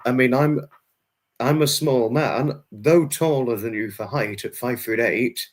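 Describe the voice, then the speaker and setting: A man with a medium-pitched voice and measured pace hosts a casual livestream, reading viewers' chat and answering each in turn. He repeats himself a great deal and his speech is full of fillers and restarts.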